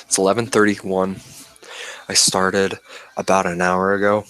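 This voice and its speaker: A man's voice: low-pitched, level tone, measured pace, fairly bright tone, clean tone, no echo. A man hosting a casual livestream, rambling and fidgety, talking to chat in a self-described eccentric way. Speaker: livestream host. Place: indoors at home with plants.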